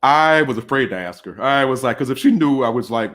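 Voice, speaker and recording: A man telling a comic personal story in a casual, animated way, full of fillers, over a video call. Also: medium pitch, brisk, hardly any pauses.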